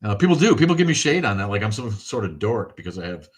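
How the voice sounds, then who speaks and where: A man's voice: on the low side, sing-song, quick pace. Profane, rambling middle-aged man. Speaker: livestream host. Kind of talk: casual livestream chat reading viewer comments.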